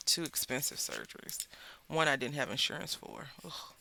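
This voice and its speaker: A woman's voice: low voice, very animated, normal speed, vocal fry, pushed and bright, slight background noise. A woman with a Southern American accent, hosting a craft video and chatting in a rambling, storytelling way as she works at her craft table. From Southern United States. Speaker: craft channel host. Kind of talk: casual chat while crafting.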